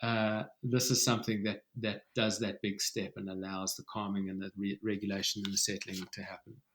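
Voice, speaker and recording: Soft-spoken calm man telling stories. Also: fairly low pitch. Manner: soft, slow and soothing, with many fillers. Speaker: author and guest. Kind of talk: calm conversational interview.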